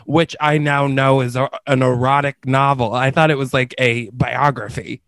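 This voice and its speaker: A man's voice: medium pitch, fairly even intonation, normal speed, fairly bright tone, dry recording. A man co-hosting a podcast, telling a story in casual chat with many fillers. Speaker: podcast co-host.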